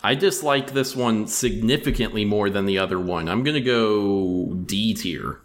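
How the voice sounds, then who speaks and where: A man's voice: on the low side, normal speed. A man co-hosting a casual podcast chat, teasing the others and laughing often. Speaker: podcast co-host.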